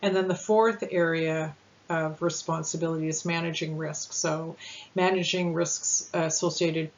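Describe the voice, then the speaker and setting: Woman presenter, lower register, steady explanatory delivery with fillers, muffled recording with light hiss. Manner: measured, with frequent ums and uhs. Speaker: presenter at a candidate information session. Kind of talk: informational talk. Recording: dull lo-fi sound with faint hiss.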